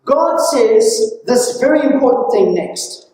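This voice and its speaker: A woman preacher delivers a sermon, asking her listeners questions and stressing her points. Her voice sits high. It rings around a very echoey hall. The microphone is some distance away. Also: expressive, takes it slowly, mellow, slight background noise. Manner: questioning, engaging, emphatic.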